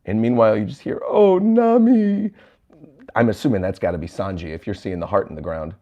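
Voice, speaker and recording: A man's voice: low voice, very fast, darkish tone, muffled recording. A man streaming from a hotel room, reading manga panels aloud and reacting, chuckling often. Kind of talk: livestream manga chapter reaction.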